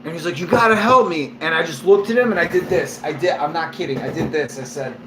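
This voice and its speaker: Vlogging indoors at home and a little drunk, a man tells a long story to camera, rambling with constant swearing and lots of fillers. His voice is on the high side and fast, with background noise.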